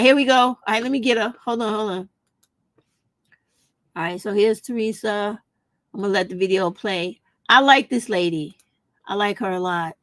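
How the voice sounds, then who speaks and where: A woman's voice: medium pitch, a bit bright, no room sound. A woman vlogger in casual chat, talking straight to her viewers and calling them y'all. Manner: chatty, addresses viewers as y'all. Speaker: vlogger reacting to a video.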